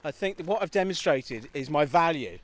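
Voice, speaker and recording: Lively high-voiced man joking around. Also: brisk. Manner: playful, lively, swearing. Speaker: podcast co-host. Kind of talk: comedic improvised banter. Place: outdoors in a forest.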